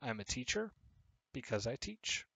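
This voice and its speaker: A man teaching an English lesson to children, explaining patiently step by step with pauses and fillers. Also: medium pitch, sing-song, vocal fry, sharp tone, breathy edge, dry recording. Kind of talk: recorded online English lesson.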